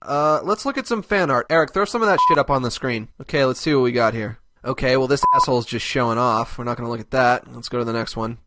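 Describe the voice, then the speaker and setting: A man's voice: medium pitch, quick pace, hardly any pauses, background noise, close to an everyday voice. A man voicing a crude, short-tempered cartoon host who mocks everyone in an abrasive tone. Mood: scornful. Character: foul-mouthed, contemptuous cartoon man host. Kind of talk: comedic web cartoon voice acting.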